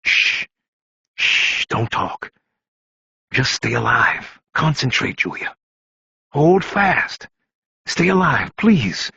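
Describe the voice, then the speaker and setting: A man narrating an audiobook voices a tough middle-aged male detective who barks orders and speaks low, urgent reassurance. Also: sing-song, moderate pace, a bit bright, breathy edge, no room sound, heavily acted. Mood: urgent comfort. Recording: dull, muffled audiobook recording.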